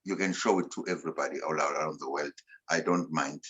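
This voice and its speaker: A South African man giving an emphatic motivational talk over a video call, swinging between loud and soft. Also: extremely low pitch, fairly even intonation, a little fast, breathy edge, poor audio. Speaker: motivational speaker.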